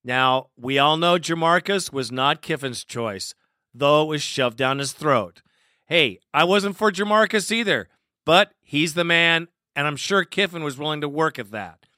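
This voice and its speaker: High bright-voiced man ranting profanely. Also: lively intonation, unhurried, no echo, studio quality. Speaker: sports commentator, fan. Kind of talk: ranting sports commentary.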